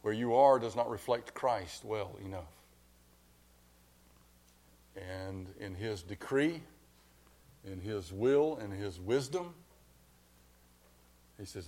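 A man preaching a sermon as pastor, his delivery swelling from hushed to loud. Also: lowish voice, takes it slowly, pauses often.

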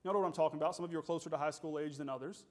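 A man's voice: fairly high pitch, fairly even intonation, rapid-fire. A man preaching a sermon as pastor, emphatic and full of rhetorical questions.

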